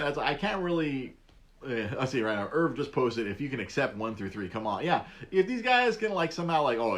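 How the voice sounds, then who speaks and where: Man, podcast host, casual rambling monologue, animated pitch, lots of restarts.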